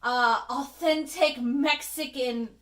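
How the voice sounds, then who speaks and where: A bilingual woman co-hosting a podcast, chatting casually in an animated, opinionated way, laughing now and then. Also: high voice, slow pace, echoey room. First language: Spanish. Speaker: podcast co-host. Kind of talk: casual chat.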